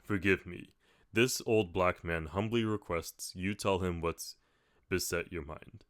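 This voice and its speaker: A man voicing a kindly old male sailor who speaks softly and earnestly in an audiobook. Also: low voice, unhurried, dry recording, studio quality. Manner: soft-spoken, earnest pleading.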